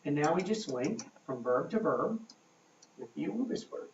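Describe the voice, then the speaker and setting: A man teaching a grammar lesson at a board, talking slowly and checking in often with "okay?". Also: on the high side, expressive, slight background noise. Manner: slow, checking in with frequent "okay?". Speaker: English teacher. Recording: echoey room, mic far off, dull lo-fi sound.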